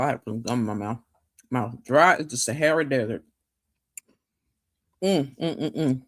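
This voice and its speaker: A woman's voice: a bass voice, normal speed, pauses often. A woman hosting a casual livestream, chatting and joking with viewers in the chat. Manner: chatty and animated, talking to chat. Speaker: livestream host.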